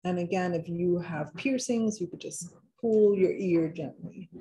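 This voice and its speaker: Her voice sits on the low side and sounds warm as she leads a live online wellness workshop. Chatty and encouraging, she walks viewers through easy relaxation exercises and eases her pace to guide them step by step.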